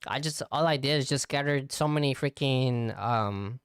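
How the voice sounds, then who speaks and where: Young guy rambling on his solo podcast, lots of likes, mid pitch, smooth and dry. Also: normal speed, no room sound. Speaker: VTuber podcast host. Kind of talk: casual solo podcast chat.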